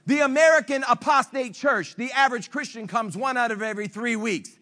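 A man preaching a sermon as pastor, animated and emphatic, teasing his listeners. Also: very high-pitched, a little fast.

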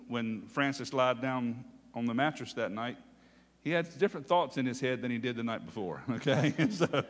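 A man's voice: medium pitch, a bit bright. A male pastor preaching a chatty, folksy sermon, often checking in with his listeners. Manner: folksy, chatty, often asks "okay?" and chuckles. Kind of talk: conversational sermon. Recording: long hall reverb.

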